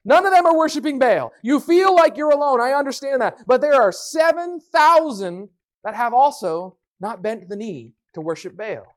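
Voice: high-pitched, expressive, moderate pace. Emphatic preacher acting out quotes. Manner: emphatic, acts out voices in quotes. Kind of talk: sermon with Bible reading.

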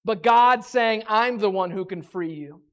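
A young woman preaching a sermon in a lively, animated way, acting out her own reactions in quoted asides. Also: medium pitch, a little slow.

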